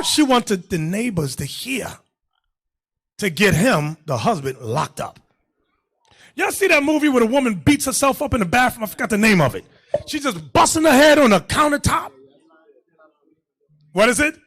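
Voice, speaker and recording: Husky, animated preaching man. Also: very high-pitched, moderate pace, pauses often. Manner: shouts and acts out voices in anecdotes. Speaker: bishop teaching a class. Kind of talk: animated sermon-style teaching.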